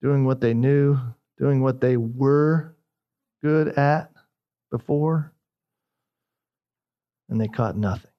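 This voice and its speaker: A man preaching a sermon in an expressive way, dropping his voice low and slow for emphasis. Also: muffled recording.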